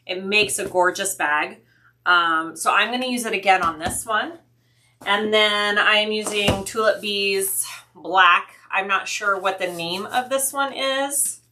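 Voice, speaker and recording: Slow, bright-voiced woman sewing livestreamer. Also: medium pitch, slight background noise. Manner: chatty, thinking aloud, reading viewer comments. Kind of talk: casual livestream chat with viewers.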